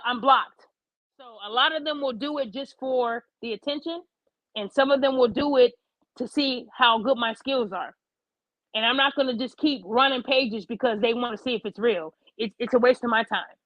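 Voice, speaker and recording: A woman hosting a live online show, blunt, profane and passionate as she talks straight to her chat. Her voice sits on the higher side, and the sound is dull and lo-fi with a dry, close feel. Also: dry recording. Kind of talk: livestream rant to chat.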